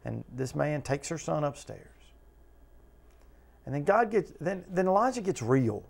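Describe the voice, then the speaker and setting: Guy leading bible study, gravelly voice, earnest, keeps asking the class questions. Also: a little high, lively intonation, a little slow. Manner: earnest, talks to listeners with repeated questions, acts out quotes. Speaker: pastor teaching Bible study. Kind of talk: conversational Bible study teaching.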